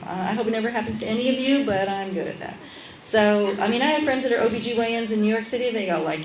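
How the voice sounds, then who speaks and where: Animated woman midwife telling a story. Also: fairly high pitch, fast talker, echoey room, distant mic, a crowd in the background, poor audio. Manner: animated, acts out the voices in her stories. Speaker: midwife, interview guest. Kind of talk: lively anecdotal storytelling. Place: restaurant at a lunchtime public talk.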